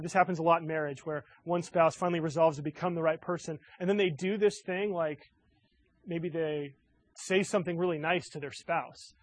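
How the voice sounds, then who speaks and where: A man's voice: sits high, no room sound, poor audio. A male pastor preaching a sermon in an earnest way, asking his listeners many rhetorical questions.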